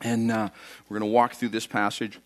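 A man's voice: lowish voice, little pitch movement, a little fast. A man preaching a conversational sermon, telling the story in a folksy way with chatty asides. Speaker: pastor.

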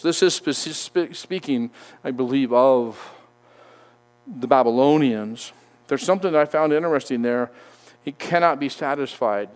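A man's voice: mid-range voice, smooth. A man giving a conversational sermon, reading verses aloud and explaining them with frequent restarts. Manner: conversational, halting, with restarts while reading scripture. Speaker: Bible teacher.

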